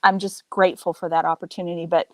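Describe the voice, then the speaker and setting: A woman's voice: on the low side, quick pace, no room sound, low-quality recording. A middle-aged woman in casual chat, telling a story animatedly and acting out the voices of others. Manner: animated storyteller, acts out quoted voices, laughs often.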